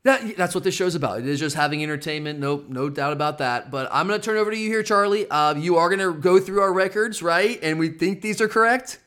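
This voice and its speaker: A man's voice: high-pitched, quick pace, few pauses, a bit bright. A man hosting a casual sports betting podcast, teasing his co-host and rambling with frequent restarts.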